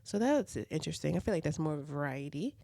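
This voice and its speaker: A woman's voice: low voice, animated, quick pace, creaky, warm tone, dry recording. A woman casually recapping reality TV episodes, chatty and full of side comments and "like" fillers. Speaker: reality TV reviewer.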